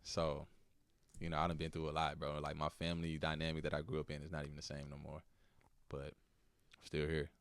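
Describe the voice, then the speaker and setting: A young man from Texas with a Texan accent and a strikingly deep, low voice. He tells a painful personal story softly and haltingly, with lots of "bro" and "like". The sound is dry and close. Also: monotone, clean tone, dry recording. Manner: soft-spoken, halting, slangy with "bro" and "like". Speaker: podcast guest, basketball player.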